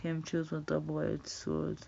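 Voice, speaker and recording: A woman's voice: deep voice, completely flat delivery, takes it slowly, vocal fry, warm tone, muffled recording. A Scottish woman livestreaming, chatting casually and rambling as she reacts to viewers' comments. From Scotland.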